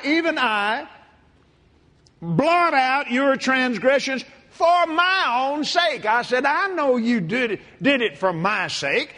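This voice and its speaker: Male preacher, high bright voice, slow folksy delivery that bursts into shouts, long church-hall echo. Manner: folksy, animated, shouting and laughing. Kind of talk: sermon.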